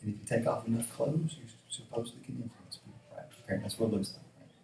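A man's voice: mid-range voice, racing, vocal fry, distant mic, background noise. A man preaching a sermon, acting out the lines of the figures in the story with changing voices. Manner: animated, acts out dialogue in changing voices. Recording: roomy echo, voice from off-mic.

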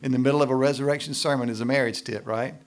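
A male pastor delivering a sermon in a church, his middle-pitched voice carrying a gravelly edge. He preaches with lively swings and loud emphasis, tossing "right?" to the congregation between points. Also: racing.

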